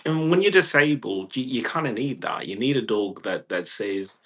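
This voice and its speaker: With a puppy around him at home, this California man speaks in a mid-range voice at a moderate pace, rambling through a profanity-laced vlog rant. He's animated, putting on voices whenever he quotes someone.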